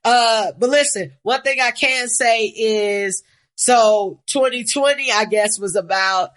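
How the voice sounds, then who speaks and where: A woman's voice: fairly high pitch, slow pace, fairly bright tone. A woman co-hosting a podcast in casual, profane chat, blunt and rambling. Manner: blunt, rambling, swears freely. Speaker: podcast co-host.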